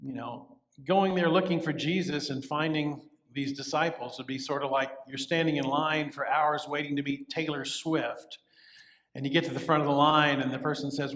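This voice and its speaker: A male pastor preaching a sermon in a church sanctuary, telling a story in a lively way and acting out the voices. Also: on the high side, moderate pace. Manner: storytelling, animated, acts out quotes. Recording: echoey church sanctuary with long reverb.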